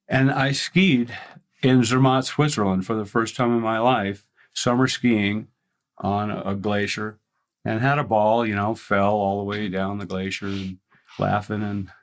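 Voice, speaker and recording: A fairly low-voiced older man with a faint Southern accent, guesting on a podcast. He rambles through his stories with frequent restarts and chuckles along the way. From Mississippi, US. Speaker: ski photographer guest. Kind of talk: casual interview storytelling.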